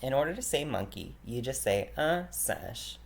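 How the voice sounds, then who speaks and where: Man, language teacher; easygoing, filler-heavy delivery; repeats every word slowly for beginners. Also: medium pitch, very animated, creaky. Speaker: French teacher. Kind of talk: beginner vocabulary lesson.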